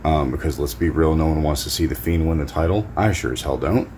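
A man's voice: rumbling low, quick pace, darkish tone, a little hiss or hum. A man leaving a chatty, rambling voice message with a question for a podcast. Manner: chatty, casual, a bit rambling. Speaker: caller. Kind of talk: recorded listener voice message.

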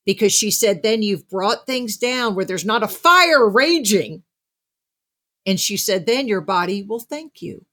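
A woman hosting a podcast interview, chatting casually and retelling what she has read with lively asides. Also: mid-range voice, slow pace. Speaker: podcast host.

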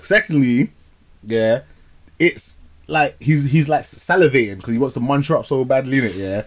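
Guy on a podcast rambling about movies, lots of slang, normal-pitched voice. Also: normal speed. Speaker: podcast host. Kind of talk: casual film review chat.

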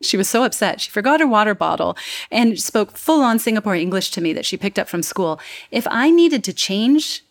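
An American woman coach talks in an animated, explanatory way, leaning into her emphasis. Her pitch sits in the middle for a woman, and she sounds like someone in her thirties. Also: normal speed, creaky. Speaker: accent and communication coach. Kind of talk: interview conversation.

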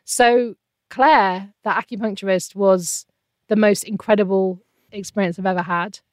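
A woman's voice: medium pitch, normal speed, no echo, studio quality. A woman in her thirties, a guest telling a painful personal story in an earnest, emotional way. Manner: earnest, emotional, animated quoting of others.

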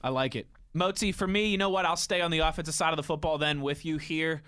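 Male sports talk host, high bright voice, animated delivery. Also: fast talker, clear, resonant tone. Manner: animated, laughs often, breaks into playful singing.

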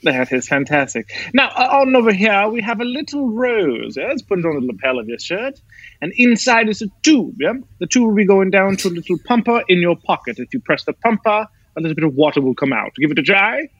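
A man's voice: high voice, sing-song, brisk, a bit bright, husky, no room sound, lo-fi sound, full character voice. A man playing an overeager gadget showman. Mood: showy. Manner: enthusiastic salesman patter. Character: showy, overeager male gadget designer, middle-aged. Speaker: improv performer playing a prop designer.

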